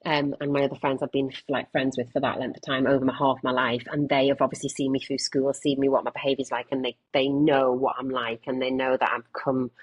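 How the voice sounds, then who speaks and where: Husky, low-voiced English woman. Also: flat delivery, brisk, few pauses, lo-fi sound. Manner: frank and rambling, casual swearing, many restarts. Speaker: guest, content creator. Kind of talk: candid podcast conversation.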